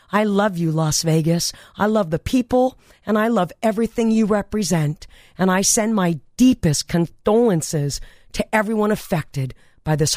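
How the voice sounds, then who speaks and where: A woman hosts a radio talk show, telling a personal story with chatty enthusiasm. Her voice sits in a middle pitch. The studio mic sounds close and dry. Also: darkish tone, no echo. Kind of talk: casual radio monologue.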